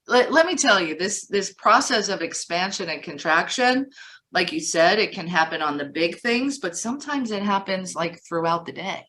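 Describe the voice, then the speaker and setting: A woman co-hosting a casual chat, telling stories in a lively, animated way. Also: lowish voice, normal speed. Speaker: co-founder and co-host.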